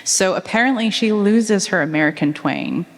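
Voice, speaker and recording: A woman author answering questions onstage at a public talk, telling stories in a chatty, animated way with frequent ums. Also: medium pitch, normal speed. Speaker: author guest at a book talk. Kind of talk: conversational onstage interview. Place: public talk at a museum event. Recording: echoey hall reverb.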